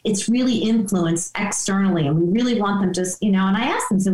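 A woman's voice: medium pitch, quick pace, hardly any pauses, darkish tone, reverberant, rough recording. A woman therapist being interviewed, talking through ideas thoughtfully and now and then acting out young people's voices. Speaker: therapist guest. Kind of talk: conversational interview answers.

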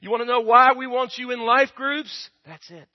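In a dull lo-fi recording, a pastor with a very high voice and fairly even intonation preaches at normal speed in an American accent. He engages the congregation call-and-response style, asking questions, waiting for answers, and shifting between loud and soft.

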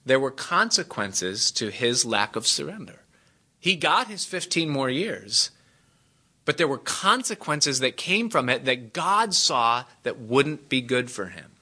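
A man's voice: big pitch swings, measured pace, pushed and bright, slightly rough. A man preaching a sermon to a congregation, acting out the people in the story with dramatic swings in his voice. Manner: dramatic, acts out quoted voices with big pitch jumps. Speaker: pastor.

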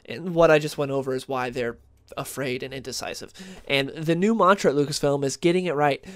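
A man's voice: a little high, expressive, a little fast, a bit bright. A man hosting a podcast in casual chat, rambling with many fillers and restarts. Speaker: podcast host.

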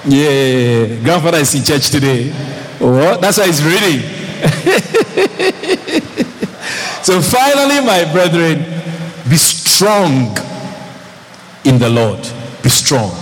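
A man preaching a sermon as pastor, calling out to the congregation and repeating phrases for emphasis. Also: fairly high pitch. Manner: lively preaching with calls to the congregation. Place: church hall. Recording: long hall reverb, faint ambience.

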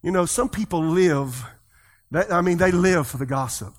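With a somewhat high voice and normal pacing, a pastor preaches and draws the congregation into call-and-response. His volume swings from loud to soft.

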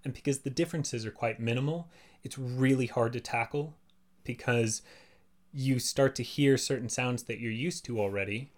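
A man's voice: medium pitch, normal speed. Chatty man, voice actor. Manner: chatty, explains at length with many fillers. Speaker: voice actor and podcast co-host. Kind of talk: casual podcast chat.

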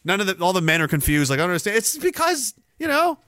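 A sarcastic, foul-mouthed podcast host with a high, bright voice. He rants casually and swings his pitch all over the place, breaking into loud laughter. The sound is dry and close. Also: very animated, brisk, dry recording. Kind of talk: casual livestream rant.

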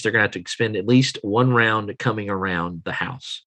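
A man running a tabletop game as game master, narrating scenes with chuckles and halting descriptions. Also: fairly low pitch, sharp tone.

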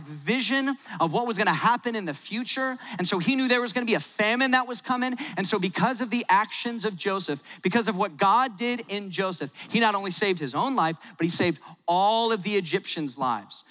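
A man delivers a sermon, telling the story with lively, animated delivery and acting out the quotes. His voice sits high and bright. It rings out with the long reverb of a large hall. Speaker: pastor.

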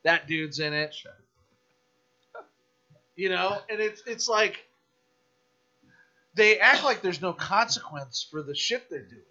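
A man guesting on a podcast, telling a story in a casual, animated, profane rant. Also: high voice, slow pace, long pauses, lo-fi sound.

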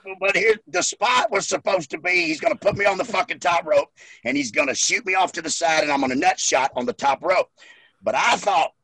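High creaky-voiced man telling wild stories. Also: brisk, no echo. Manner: animated, swearing, laughing through the story. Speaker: guest, former wrestler. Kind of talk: profane storytelling.

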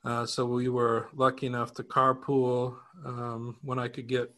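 A man with a bright, forward voice tells a personal story in a relaxed, conversational way. He is self-deprecating, chuckles now and then, and often restarts his sentences. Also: mid-range voice, a little slow. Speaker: co-host. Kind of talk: casual anecdotal storytelling.

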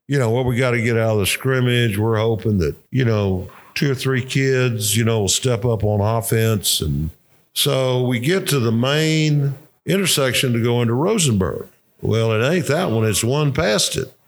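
An older man with a drawl tells rambling coaching stories, salted with swearing and his own laughter. His voice is gravelly and sits at an ordinary pitch. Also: expressive, normal speed. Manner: profane, laughing anecdotes. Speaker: retired football coach, guest. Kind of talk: casual storytelling.

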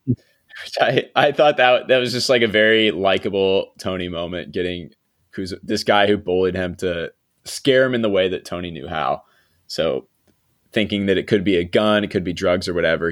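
A young man hosting a podcast, recapping a TV episode in a relaxed, chatty way, often laughing and trailing off quietly. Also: sits low, moderate pace. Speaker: podcast host. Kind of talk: casual chat recapping a TV episode.

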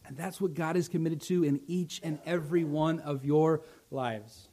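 A male pastor preaching a sermon, building to loud emphatic lines, then dropping soft and slow. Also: fairly high pitch.

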